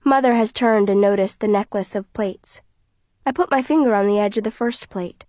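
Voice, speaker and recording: Woman, audiobook narrator, first-person, quiet and tense, dry studio sound. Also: medium pitch, normal speed, dry recording.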